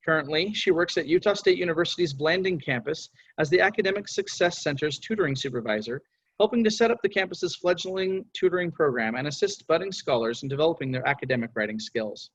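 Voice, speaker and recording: Man reading a formal bio, slightly high. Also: animated, fast, a bit bright, dry recording, poor audio. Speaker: panel moderator. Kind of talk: reading a speaker introduction.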